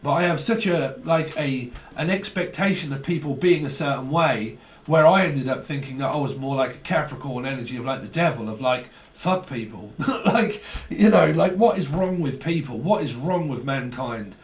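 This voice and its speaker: A man's voice: a little high, normal speed. Rambling man reading tarot. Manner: rambling, animated, frequent swearing and slang. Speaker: tarot reader. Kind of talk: casual tarot reading monologue. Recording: roomy sound from a mic at a distance.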